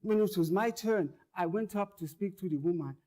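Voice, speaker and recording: A man's voice: sits high, moderate pace. A man performing a first-person monologue, telling his story earnestly and repeating words as it grows tense. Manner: earnest, repeats words and phrases, grows louder as tension builds.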